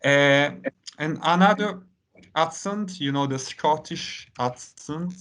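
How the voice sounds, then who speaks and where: A man whose first language is Italian, teaching an English lesson in a relaxed conversational way with lots of fillers. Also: a little high. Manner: unhurried, many "you know" fillers.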